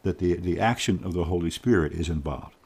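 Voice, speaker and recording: A very deep-voiced man with a gravelly, husky texture hosts a conversational interview. His talk is reflective and loose, and he chuckles often as he asks questions. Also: brisk, a little mellow.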